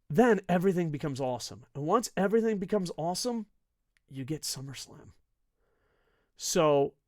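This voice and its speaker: On a wrestling talk stream, a male host delivers a casual rant straight to camera in a mid-range voice. He's animated, sarcastic, and swears constantly. The audio is studio-clean with no room sound.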